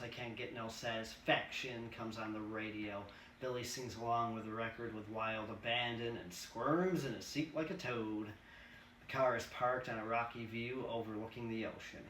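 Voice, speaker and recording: A man's voice: on the low side, a bit bright. A man reading a screenplay aloud with casual, profane asides. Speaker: reader. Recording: roomy, distant mic, faint hiss.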